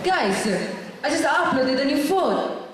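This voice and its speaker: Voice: high voice, lively intonation, takes it slowly, far from the mic, crowd noise. A young performer on a school stage playing a cheerful, confused man, laughing as they talk. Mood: chatty. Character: cheerful Italian man Marco, chatty and confused. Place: large school hall stage. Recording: echoey hall, from afar, noisy.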